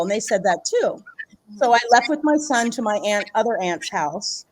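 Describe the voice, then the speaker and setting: A woman's voice: medium pitch, expressive, normal speed, darkish tone. A middle-aged woman, a guest author and healer, tells a personal story in a casual interview, rambling, restarting her phrases and laughing often.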